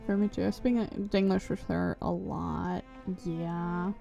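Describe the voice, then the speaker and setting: A woman streamer rambles her way through casual, profane gameplay chatter. Her slow delivery carries a gravelly fry. Loud game music runs underneath her talk. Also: on the low side, fairly even intonation, muffled recording. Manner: rambling, profane, self-interrupting.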